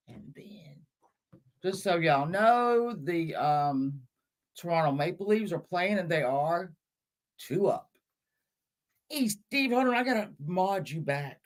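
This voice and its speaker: A woman's voice: fairly low pitch, animated, takes it slowly. A woman hosting a casual livestream, chatting with her viewers in a scattered, chatty way, with cursing and self-mocking asides. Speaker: livestream host.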